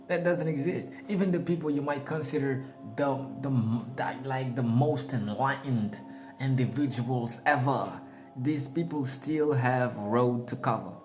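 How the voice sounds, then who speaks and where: A man's voice: medium pitch, a little slow. A man giving a casual, rambling spiritual talk, slangy and often laughing at his own jokes. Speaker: spiritual vlogger. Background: background music.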